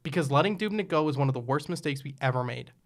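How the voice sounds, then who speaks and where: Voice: medium pitch, expressive. A podcast co-host in casual sports chat who gets heated and rants, swearing now and then. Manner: heated, ranting, quick to swear. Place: podcast recording.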